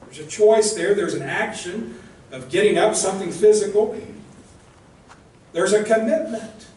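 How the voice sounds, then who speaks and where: A man's voice: high-pitched, measured pace, darkish tone. A male minister preaching a sermon in an earnest, direct way, often asking the congregation rhetorical questions, recorded in a church. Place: church sanctuary. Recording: echoey church room, mic at a distance.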